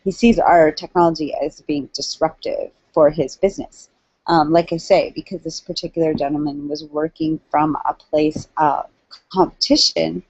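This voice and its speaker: A woman's voice: low-pitched, a little mellow, dry recording. A middle-aged woman, rambling through a casual solo video chat from home on a computer mic. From Canada. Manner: rambling and chatty, with many fillers. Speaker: online hangout host. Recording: dull, dry lo-fi webcam audio.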